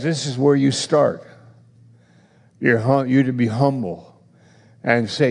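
A man delivers a sermon in a slow, measured rhythm, repeating the same phrases emphatically and building into pointed rhetorical questions for his listeners. His voice is medium-pitched and steady in tone, with a gravelly edge, and a long reverb trails each line.

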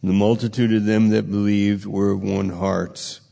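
A man's voice: on the low side, flat delivery, measured pace, gravelly, dark tone. A man preaching a sermon, emphatic, repeating phrases for weight, his voice swelling and dropping. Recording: long reverb in a large hall.

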